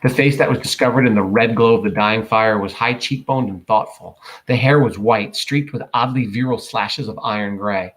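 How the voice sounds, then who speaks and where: A man reading a novel aloud, casual, pausing to correct himself and comment. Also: fairly low pitch, fairly bright tone, rough recording. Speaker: audiobook reader.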